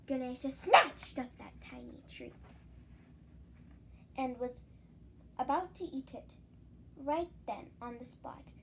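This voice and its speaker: A woman reading a children's storybook aloud in a soft, gentle, sing-song way. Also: high-pitched, takes it slowly, pauses often. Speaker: story reader.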